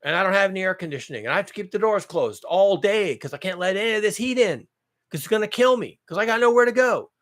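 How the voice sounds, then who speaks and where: A man's voice: lively intonation, fast. Sarcastic man ranting with heated swearing. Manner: sarcastic, swearing, repeats phrases for emphasis; swings between low mutters and loud outbursts. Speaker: channel host. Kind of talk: ranting commentary on news.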